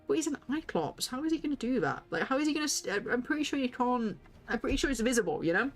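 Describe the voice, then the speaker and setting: Excitable woman streaming a game. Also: fairly high pitch, normal speed, soft background music. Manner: excitable, giggly, reacts aloud and chats with viewers. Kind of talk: casual live-stream game commentary.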